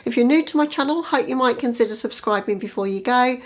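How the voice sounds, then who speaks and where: A woman's voice: a little high, fast talker. Chatty woman makeup vlogger. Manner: chatty and conversational, repeats "as I say"; quiet, half-murmured commentary while applying makeup. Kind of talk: casual makeup tutorial chat.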